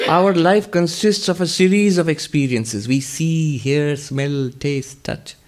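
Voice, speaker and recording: A monk and spiritual teacher answering questions in a lecture. He speaks in a measured, explanatory way and laughs now and then. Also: fairly high pitch.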